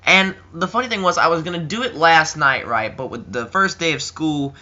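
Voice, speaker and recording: A teenage boy talks in a rambling, casual way, full of fillers and restarts. His voice is bright and sits a bit high, and the recording sounds slightly dull and lo-fi. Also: moderate pace. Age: teens. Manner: rambling, filler-heavy, acts out quotes in a higher voice. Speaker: wrestling reviewer. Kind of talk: casual chat.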